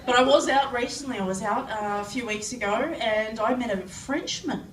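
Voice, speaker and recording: A woman's voice: fairly high pitch, moderate pace. A woman with an Australian accent doing a self-deprecating stand-up set in a pub, recorded by a phone from the crowd. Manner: self-deprecating, animated storytelling. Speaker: stand-up comedian. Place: pub comedy club. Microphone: phone camera from the audience. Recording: echoey pub room from far, noisy.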